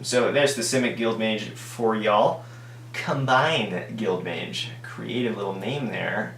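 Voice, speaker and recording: Guy doing a sarcastic card review, over-the-top fake praise, echoey room with a soft hum. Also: medium pitch. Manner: mock-enthusiastic, ironic over-praise of every card. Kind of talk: casual set review, reading card text aloud. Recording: echoey room, distant mic, faint hum.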